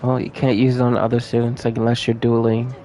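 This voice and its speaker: A young man with a gravelly, creaky voice chats playfully to his viewers while he plays. His pitch sits in an ordinary middle range, and faint game sounds run underneath. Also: monotone, fast talker, mellow, a little hiss or hum. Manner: chatty, playful, talks to viewers. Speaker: gameplay streamer. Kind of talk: casual gameplay commentary.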